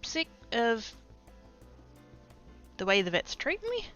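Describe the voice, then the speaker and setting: A woman's voice: a little high, huge pitch swings, slow, a bit bright, muffled recording, soft background music. An Australian woman livestreaming, telling a story in rambling casual chat, swearing freely and poking fun at herself.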